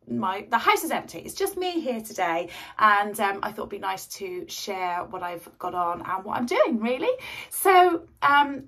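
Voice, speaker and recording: Slightly husky woman, chatty. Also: mid-range voice, fairly bright tone. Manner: chatty, rambling, self-deprecating. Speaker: sewing vlogger. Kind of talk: casual chat to camera. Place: at home, indoors.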